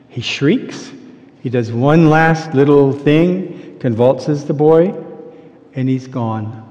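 Male preacher, sermon, mellow warm tone, dull lo-fi recording. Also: medium pitch, takes it slowly, a little hiss or hum. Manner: animated storytelling, dropping to quiet intensity. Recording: dull lo-fi sound with long hall reverb.

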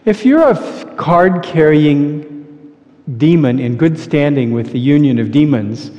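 A man preaching a sermon, telling the story in an animated way that drops to quiet intensity. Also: a little high, measured pace. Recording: dull lo-fi sound with long hall reverb.

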